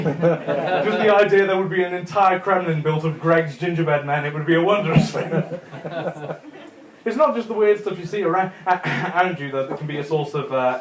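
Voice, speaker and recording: Chatty young comedian in an echoey club. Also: male voice, on the high side, slight background noise. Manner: chatty, chuckling at his own jokes. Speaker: stand-up comedian. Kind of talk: stand-up comedy set. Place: comedy club room with a live audience.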